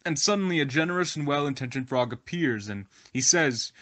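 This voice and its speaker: A man's voice: a little high, animated, fairly quick, hardly any pauses, a bit bright. A man reading a translated spiritual message, earnest and exhorting as he draws a moral for his listeners. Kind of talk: devotional talk, read translation.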